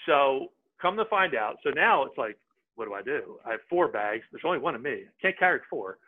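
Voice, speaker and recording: A man, a podcast guest, telling a story in a casual, animated way and acting out what people said. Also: mid-range voice, fairly quick. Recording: tinny phone-like line.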